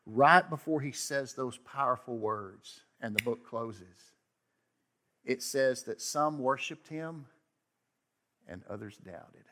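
Man preaching, swinging loud to hushed. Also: mid-range voice, slow pace, background noise. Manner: conversational, swings from loud emphasis to hushed asides; acts out quoted voices with sudden outbursts. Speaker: pastor. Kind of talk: sermon.

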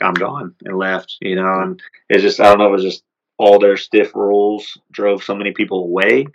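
A man co-hosting a podcast, talking sports in a relaxed, rambling way with lots of fillers. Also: deep voice, rough recording. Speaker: podcast co-host. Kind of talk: casual sports chat.

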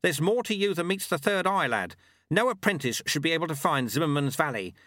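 A man voicing a fierce old monk sweeper, loud and lively. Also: a little high, brisk, dry recording, studio quality, voice pushed up. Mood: urgent shouting. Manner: shouting, urgent, gruff.

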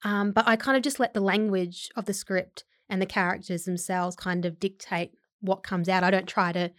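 A woman's voice: medium pitch, fairly even intonation, moderate pace, a bit bright, dry recording, studio quality. A woman actor and filmmaker talking casually in an interview, chatty, with frequent fillers and laughs.

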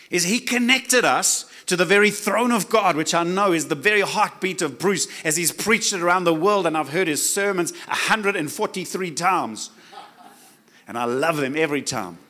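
A man's voice: sits high, animated, moderate pace, bright, forceful tone. A man preaching a sermon, emphatic, stopping to have the congregation repeat key words back to him.

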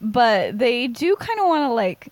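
A woman's voice: fairly high pitch, sing-song. A young woman co-hosting a podcast, recapping a story in casual chat, rambling with lots of "like". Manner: rambling, heavy use of "like", quick giggles. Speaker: podcast co-host.

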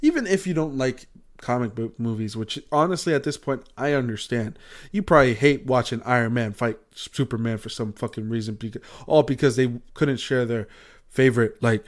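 A man's voice: medium pitch, moderate pace. A man co-hosting a podcast in casual chat, rambling with many fillers and freely swearing. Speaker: podcast co-host.

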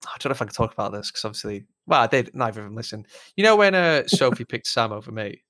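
A young man with a rough Lancashire accent, chatting casually as a podcast co-host, sweary and self-deprecating. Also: medium pitch, sing-song, fast talker, sharp tone, no room sound. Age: young adult. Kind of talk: casual chat.

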